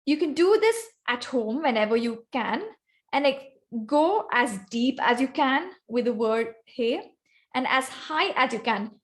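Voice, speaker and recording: An online club meeting hosts a woman guest speaker whose instructive video-call presentation covers voice technique and vocal variety, and she calls on members by name. Her voice sits high, animated and unhurried.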